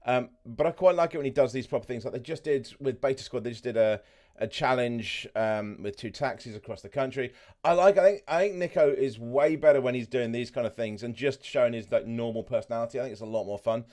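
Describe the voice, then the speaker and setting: A man hosting a casual reaction video, excitable and thinking out loud, with frequent swearing. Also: medium pitch, fast.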